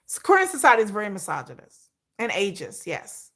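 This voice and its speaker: A woman hosting a casual livestream, talking straight to her viewers. Her voice is bright and sits a little high, and she repeats phrases for emphasis. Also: brisk. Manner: animated, repetitive, talks straight to viewers. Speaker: livestream host.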